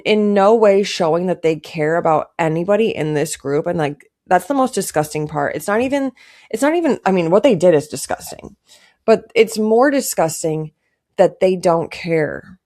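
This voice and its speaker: A woman's voice: sits low, a little mellow. A young woman giving casual, indignant commentary to camera, stressing her points by repeating them. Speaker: pop culture commentator.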